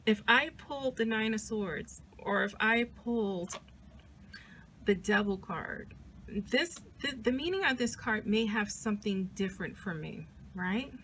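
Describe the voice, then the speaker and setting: Chatty, excited woman reviewing tarot cards. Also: mid-range voice, unhurried, slight background noise. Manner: chatty and enthusiastic, with frequent restarts. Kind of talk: casual deck walkthrough and review. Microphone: zoomed-in camera close-up.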